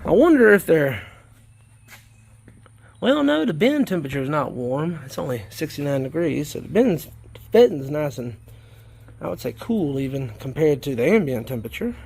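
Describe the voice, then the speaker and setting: He sounds fairly high-pitched, very animated, creaky and husky with a darkish tone, speaking at normal speed but pausing often. A Southern-accented worm farmer from South Carolina, he chats folksily and rambles to viewers while tending worm bins in his garden shed.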